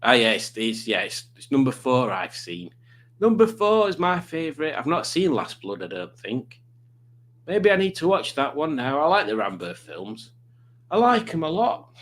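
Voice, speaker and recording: A man's voice: medium pitch, very animated, moderate pace, fairly bright tone. A man chatting casually on a livestream, rambling and reading out viewer comments. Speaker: livestreaming YouTuber.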